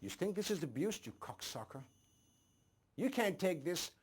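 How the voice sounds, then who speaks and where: A man's voice: high voice, sing-song, normal speed, husky, heavily acted. A man playing a raging, insulting male sales boss. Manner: shouting, insulting.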